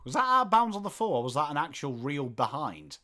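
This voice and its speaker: A man with a Northern English accent hosting a live football watchalong, calling the play and chatting with viewers, swearing casually and shouting at big moments. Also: a little high, very animated, a little fast, slight background noise. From England. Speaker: livestream host.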